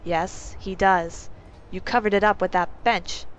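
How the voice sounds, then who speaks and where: A woman's voice: medium pitch, steady tone, unhurried, a little hiss or hum, lightly acted, rough recording. Stern male guard captain, read by a woman. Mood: probing.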